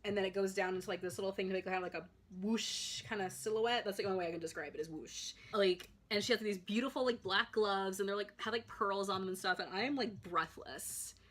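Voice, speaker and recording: A young woman tells a storytime to her camera in a bright, clear voice. She talks in a chatty, excitable rush, full of fillers and restarts. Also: medium pitch, fast, few pauses. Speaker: vlogger. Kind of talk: casual storytime monologue.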